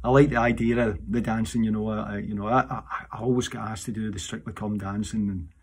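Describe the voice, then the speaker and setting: A Scottish man with a low, gravelly and husky voice chats casually through audience questions. He rambles and restarts his sentences, and he is animated in his seat. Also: fast talker. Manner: rambling, restarts often, warm; animated while seated. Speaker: singer answering audience questions. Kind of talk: casual chat.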